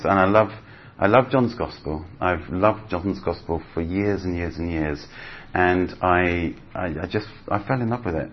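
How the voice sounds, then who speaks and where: A man preaching a sermon in a chatty, conversational way, acting out voices as he retells stories. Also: low-pitched. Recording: slightly dull audio with faint background noise.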